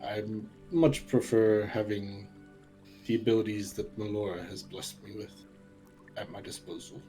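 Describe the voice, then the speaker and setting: Male player, in character, formal and measured, low pitch. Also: fairly even intonation, music in the background, poor audio. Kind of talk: in-character tabletop play.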